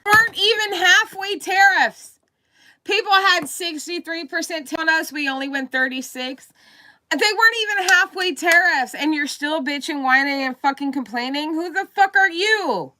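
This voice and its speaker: A woman's voice: high voice, moderate pace, sharp tone. A woman livestreaming an angry, profane rant, repeating herself heatedly.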